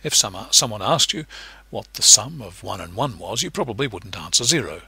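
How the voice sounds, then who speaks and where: Male lecturer, husky bright voice, patient and explanatory, animated pitch. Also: brisk, dry recording. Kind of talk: recorded lecture narration.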